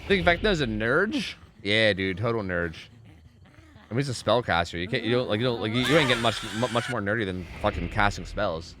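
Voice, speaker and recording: A male streamer talks through his gameplay in a relaxed, swear-heavy way, his pitch bouncing up and down a lot. He keeps chatting with viewers between plays, with a faint hum of noise behind him. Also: a little fast. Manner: laid-back, swears often, chats with viewers. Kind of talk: casual live gameplay commentary.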